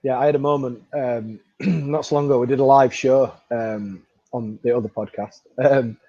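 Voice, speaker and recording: A man hosting a podcast, telling stories in an enthusiastic, relaxed chat. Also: mid-range voice, normal speed, no room sound. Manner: chatty storyteller, relaxed and enthusiastic. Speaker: podcast host. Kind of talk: casual chat. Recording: dry, dull lo-fi sound.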